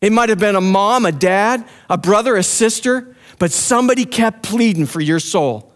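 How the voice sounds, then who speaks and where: A man preaching a passionate, pleading sermon, who drops to a soft, low voice when he prays aloud. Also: normal speed. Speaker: pastor.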